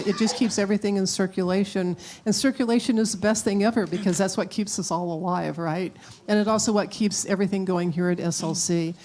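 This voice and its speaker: A woman's voice: medium pitch, a little mellow, slight background noise. A woman hosting a spiritual center event, thanking the guest and leading the offering. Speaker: host of spiritual center talk.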